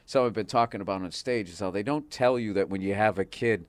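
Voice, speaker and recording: A man's voice: lowish voice, fast, dry recording. A man from the Boston area chatting casually as a comedian, telling stories full of fillers and swearing. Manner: rambling storytelling with lots of fillers and swearing. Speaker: comedian guest. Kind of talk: casual chat.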